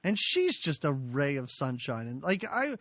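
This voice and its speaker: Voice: mid-range voice, unhurried, no echo, studio quality. A podcast co-host chatting casually about a movie, laughing often and acting out lines from it. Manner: animated, laughing, acts out quotes.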